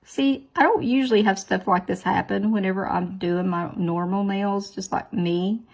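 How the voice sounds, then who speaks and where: A woman's voice: medium pitch, fairly even intonation, normal speed, darkish tone. A woman hosting a nail video, chatting casually, self-deprecating and full of exclamations. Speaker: nail tutorial host. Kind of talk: casual chat while doing nails.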